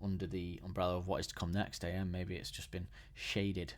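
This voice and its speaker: A man's voice: deep voice, monotone, a little fast. A man hosting a podcast alone, chatting casually and enthusiastically, often restarting his sentences. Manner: enthusiastic, rambling, frequent restarts. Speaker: podcast host. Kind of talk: casual solo podcast chat.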